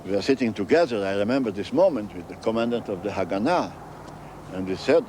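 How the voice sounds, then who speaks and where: An older man being interviewed. He recounts his memories in halting, non-native English and often repeats his phrases. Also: lowish voice, lively intonation, a little mellow, a little hiss or hum. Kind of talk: storytelling interview.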